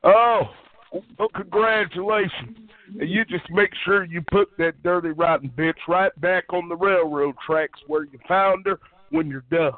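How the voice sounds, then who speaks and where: High-voiced man taunting over a phone line. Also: measured pace, dry recording. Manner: abusive, mocking, provocative. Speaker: prank caller. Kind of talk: trolling phone chat.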